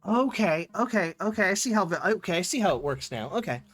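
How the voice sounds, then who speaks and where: A man streaming a game live, reading text aloud and reacting in excited outbursts. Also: high-pitched, fast talker, soft background music. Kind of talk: live gameplay commentary.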